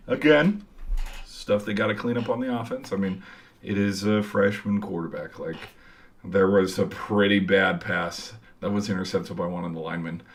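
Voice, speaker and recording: A young man telling a game-day story in a casual, rambling way, swearing freely and filling with "like". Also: fairly low pitch. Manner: rambling, profane, lots of "like". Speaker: college football fan vlogger.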